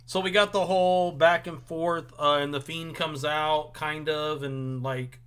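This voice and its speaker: A young man hosting a casual review show, relaxed and rambling with lots of ums. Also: a little high, measured pace, smooth. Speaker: host. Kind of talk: casual chat.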